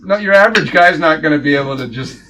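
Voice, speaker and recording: A man running a tabletop game as game master, relaxed and joking with his players. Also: on the high side, fast, soft background music. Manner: relaxed, joking, laughs often.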